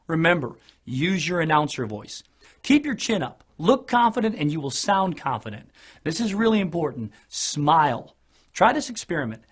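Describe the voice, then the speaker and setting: Husky man giving on-camera coaching. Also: a little high. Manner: clear, deliberate, enunciated delivery. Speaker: presenter giving on-camera tips. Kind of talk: scripted instructional talk to camera. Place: recording studio.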